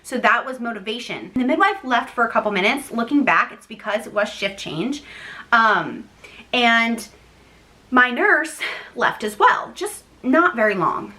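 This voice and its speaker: A woman's voice: fairly high pitch, lively intonation, unhurried, pushed and bright. A young woman vlogger casually telling a personal story to the camera, chatty and talking straight to her viewers. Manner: chatty, addresses viewers as "guys".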